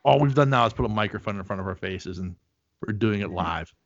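A middle-aged podcast host with a fairly low voice talks fast in a casual, rambling chat full of fillers and swearing. The recording is dry and dull.

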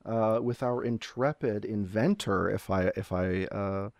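A man running a tabletop game as game master, playful and quick to joke. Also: lowish voice, vocal fry, no echo, clean studio sound.

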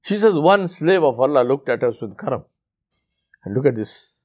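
A man preaching in a storytelling sermon, acting out the voices of the people in his story and dropping low for the lesson. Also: sing-song, normal speed, a little mellow, breathy edge.

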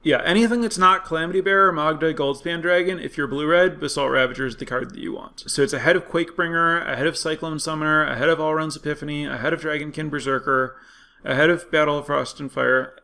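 Guy w a bright voice rambling thru card game win rates, lots of "like" and restarts. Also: fairly high pitch, fairly even intonation, vocal fry. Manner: quick, thinking aloud with many fillers and restarts. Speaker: card game strategy commentator. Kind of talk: casual analytical commentary.

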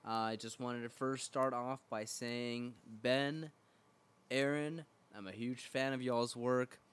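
A man's voice: medium pitch, steady tone, slow pace, clear, resonant tone. A man from Kentucky, leaving a friendly, rambling voicemail for a podcast. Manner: friendly and rambling fan praise. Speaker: voicemail caller. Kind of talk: recorded voicemail message.

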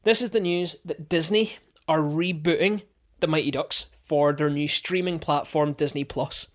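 A woman's voice: low voice, normal speed. A woman hosting a casual sports podcast, telling stories chattily and laughing often. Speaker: podcast host.

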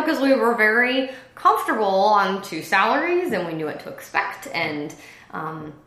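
A woman's voice: mid-range voice, moderate pace. A woman who used to teach, telling a personal story in a casual interview and acting out the voices of others. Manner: animated, acts out quoted dialogue. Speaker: former teacher, business owner. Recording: echoey room.

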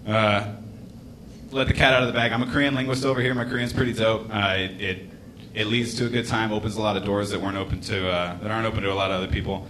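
A man's voice: fairly low pitch, level tone, fast, a bit bright, slight background noise. A man in his late twenties doing a rambling, laid-back stand-up set in a comedy club, with casual swearing. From United States. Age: late 20s.

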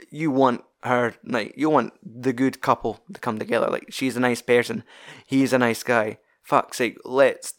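A man's voice: medium pitch, a bit bright. Sweary Scottish man recapping a film. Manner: sweary, rambling, laughs often. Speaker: film reviewer. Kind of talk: casual recap.

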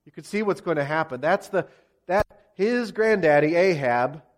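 Male preacher, higher voice than most men, retells scripture vividly for a sermon. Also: animated, normal speed. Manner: vivid, dramatic storytelling of scripture. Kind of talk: expository sermon.

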